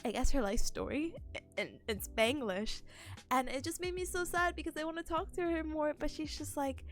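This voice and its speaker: A young student streamer runs a casual study session, bubbly and chatty, laughing often while she talks. Her voice is high-pitched at a normal speed, with soft lofi music playing behind her.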